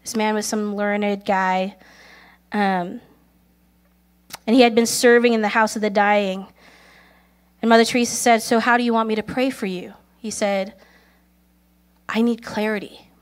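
A woman preaching a sermon, telling stories earnestly, calling for amens, and speaking quoted prayers softly. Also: mid-range voice, steady tone, moderate pace, pauses often, smooth. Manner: earnest storytelling, calls for amens; acts out quoted prayers softly, at times in a whisper.

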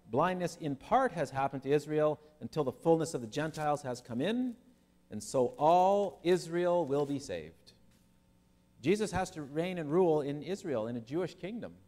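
A man preaching a sermon as pastor, animated and lively, with humorous asides to his listeners. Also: a little high, moderate pace. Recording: long hall reverb.

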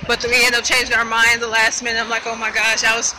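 A woman's voice: a little high, monotone, quick pace. A woman vlogging in a casual, upbeat way, often exclaiming as she tours a town at night. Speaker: travel vlogger. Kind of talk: casual vlog narration. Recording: noisy street background.

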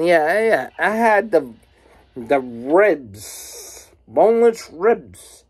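A woman's voice: fairly low pitch, very animated, very slow, a little mellow, breathy edge, poor audio. A woman ranting casually to her viewers, rambling and exasperated, swearing constantly. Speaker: vlogger. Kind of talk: casual profane rant to camera.

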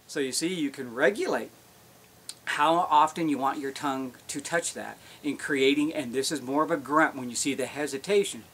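A man's voice: medium pitch, normal speed, very noisy. Folksy man teaching elk calls. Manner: folksy, explains step by step. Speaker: elk calling instructor. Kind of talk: instructional demonstration.

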